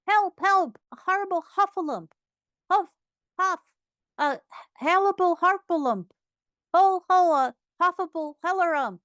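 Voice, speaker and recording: Storybook piglet, timid little male, stammering and squeaky, very high and jumpy, as a woman reads him. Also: very animated, slow pace, creaky, few pauses, fairly bright tone, dry recording, muffled recording, full character voice. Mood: frightened. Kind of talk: storybook read-aloud.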